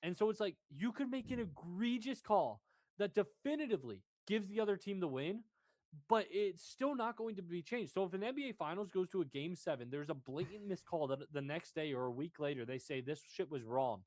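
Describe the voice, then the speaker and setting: A young man on a casual sports podcast, with a voice a touch higher than most men's. He argues his case at length and swears freely. The sound is close and dry. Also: animated, a little fast, darkish tone, no room sound. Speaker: podcast co-host.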